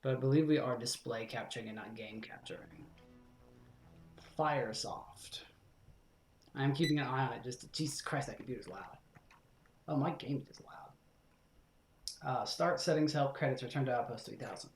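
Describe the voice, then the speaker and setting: A man's voice: medium pitch, normal speed, long pauses, roomy sound, noisy background. A man streaming horror games, rambling through jokes and swearing as he plays. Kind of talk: casual game commentary.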